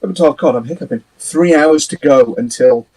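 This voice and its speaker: Laughing a lot and cursing lightly, a man from a band rambles through casual conversation while hosting a livestream. He speaks fairly quickly in a fairly high, mellow voice, over poor-quality audio.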